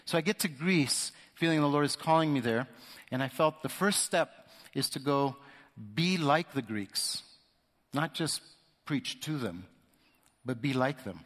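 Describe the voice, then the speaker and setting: In an echoey hall, a male guest speaker shares a personal testimony at church, vividly telling the story and acting out the voices of the people in it. His voice is mid-range and fairly bright, at a moderate pace.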